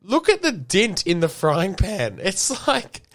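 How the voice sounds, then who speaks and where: A man's voice: high-pitched, wildly swooping pitch, slow pace, fairly bright tone. A young man co-hosting a podcast, joking and laughing through casual banter. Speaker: podcast co-host. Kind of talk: casual chat.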